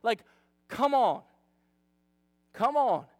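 Man putting on a frazzled hostess, exasperated, pleading, high pitched, dry. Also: huge pitch swings, unhurried, no room sound, exaggerated voice. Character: frazzled woman host fuming over serving.

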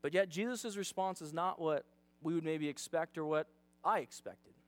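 Male youth pastor, casual sermon, high voice, dry close sound. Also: moderate pace, no room sound. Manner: chatty, dramatizing, self-deprecating.

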